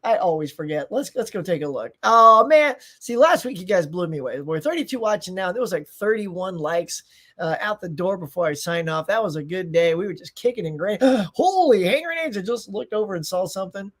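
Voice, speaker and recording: A man's voice: high voice, lively intonation, brisk, a bit bright. A middle-aged man hosting a live stream in casual chat, rambling, reading viewer comments aloud and tossing in playful asides. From United States.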